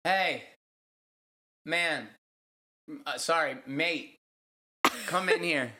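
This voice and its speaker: A man's voice: fairly low pitch, rapid-fire, bright, forceful tone. A man putting on a brash Aussie bloke. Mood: rowdy. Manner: boisterous, shooing people off. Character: brash young male Australian bloke.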